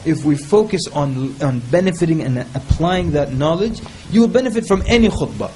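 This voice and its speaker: A man speaking on a panel, giving advice in a lively, humorous way and mimicking people in quick quoted asides. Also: a little high, poor audio. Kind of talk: casual panel talk.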